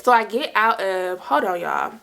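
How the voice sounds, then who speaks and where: A woman's voice: mid-range voice, animated, normal speed, creaky, bright, forceful tone, slight background noise. A young woman casually telling a personal story to her viewers, chatty and slangy, full of asides to the audience. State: dry mouth. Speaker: storytime vlogger.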